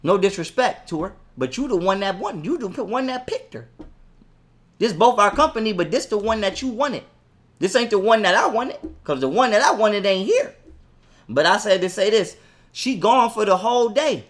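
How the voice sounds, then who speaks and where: Man, high pitched, heated, profane storytelling, casual interview. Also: animated, moderate pace. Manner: heated, profane, quotes his own arguments. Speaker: interview guest.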